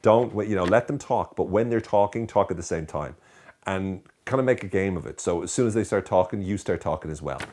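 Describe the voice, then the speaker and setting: An Irish man in his thirties hosting a comedy monologue, talking in a bored, deadpan, sarcastic drawl. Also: sits low, fairly quick. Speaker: host.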